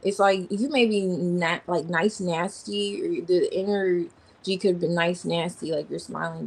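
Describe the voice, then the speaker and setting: A woman's voice: on the low side, steady tone, unhurried, vocal fry, a little hiss or hum, low-quality recording. A woman giving a casual tarot reading in an informal, slangy way, thinking aloud as she names the cards. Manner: rambling, thinking aloud while naming cards. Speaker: tarot reader.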